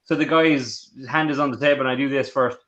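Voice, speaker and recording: A man co-hosting a podcast, chatting casually and quickly with a ready laugh. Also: mid-range voice, steady tone, a bit bright. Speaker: podcast co-host. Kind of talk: casual chat. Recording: dull lo-fi sound.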